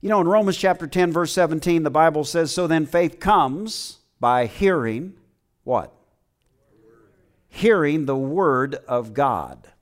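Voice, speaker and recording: A man's voice: a little high, expressive, measured pace. A middle-aged man preaching a sermon as pastor, telling a story and calling out for amens, with frequent fillers.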